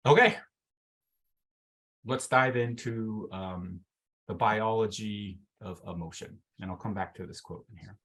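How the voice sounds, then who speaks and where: A man's voice: on the low side, measured pace, fairly bright tone. A man coaching a group on a video call, talking casually with lots of fillers and acting out inner voices. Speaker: mental fitness coach. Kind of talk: teaching a workshop session on a video call.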